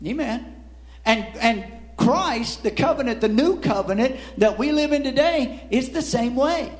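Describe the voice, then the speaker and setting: A man delivers a sermon in a high-pitched voice. He pushes his points with rising emphasis, then drops low, often stumbling over repeated words and closing with "Amen". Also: animated, a little slow. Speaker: preacher.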